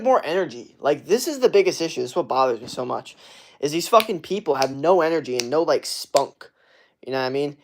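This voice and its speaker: On a casual livestream, a male online fitness coach with a fairly high-pitched voice answers chat. He rants bluntly and aggressively, swearing almost constantly, and his speech is packed with fillers and restarts.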